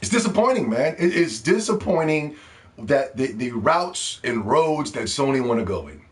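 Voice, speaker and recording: A man delivering a loud, profane, mocking rant as a gaming commentator. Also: mid-range voice, very animated, normal speed, slight background noise. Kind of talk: ranting video commentary.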